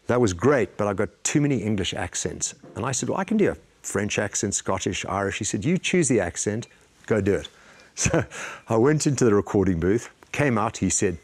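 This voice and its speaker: A man, a guest on a talk show, telling relaxed anecdotes in casual chat. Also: lowish voice.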